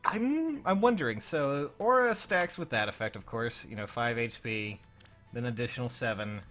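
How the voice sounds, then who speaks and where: A man's voice: medium pitch, animated, moderate pace, fairly bright tone, soft background music. A man hosting a casual livestream, flustered and rambling, often laughing as he reviews viewers' game builds. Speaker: livestream host.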